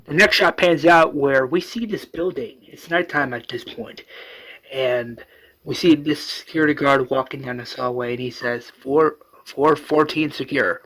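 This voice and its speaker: A man's voice: mid-range voice, normal speed, fairly bright tone, low-quality recording. A man casually retelling a fan-made superhero story, rambling and using many fillers.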